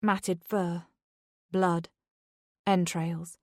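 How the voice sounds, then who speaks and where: A woman narrating a thriller audiobook in a measured, steady reading. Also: lowish voice, no room sound, clean studio sound.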